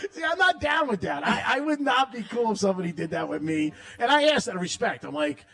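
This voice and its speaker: A man's voice: high voice, big pitch swings, a little fast, vocal fry, fairly bright tone. A man hosting a radio show, telling brash, joking stories and laughing a lot between live ad reads. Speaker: radio host.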